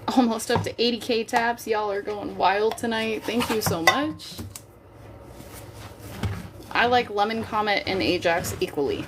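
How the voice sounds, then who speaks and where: A woman's voice: medium pitch, measured pace, pauses often, noisy background. A young woman hosting a casual livestream, chatting candidly with her viewers and swearing freely. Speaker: livestream host. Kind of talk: casual chat to a live chat.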